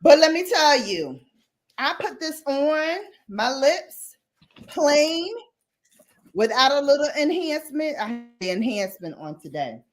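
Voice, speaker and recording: A woman hosting a casual live stream, chatting with viewers and ranting in an animated, slangy way with lots of laughter. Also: high voice, a little slow. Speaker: livestream host. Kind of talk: casual live chat and rant.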